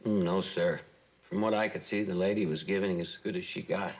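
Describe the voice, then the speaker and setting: An actor playing a plain-spoken, opinionated witness on the stand. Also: male voice, sits low, fairly even intonation, normal speed. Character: gossipy male witness, sure of himself. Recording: dull old TV sound.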